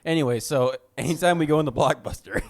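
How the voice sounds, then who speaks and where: A man's voice: a little high, quick pace, no echo, studio quality. Young man, podcast co-host, casual chat, rambling, swearing, laughing.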